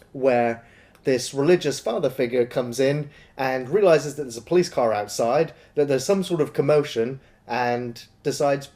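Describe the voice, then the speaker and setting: A man's voice: medium pitch, a little mellow. A man co-hosting a film review show, recapping the plot in a wry, casual way. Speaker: film review podcast co-host. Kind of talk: casual chat.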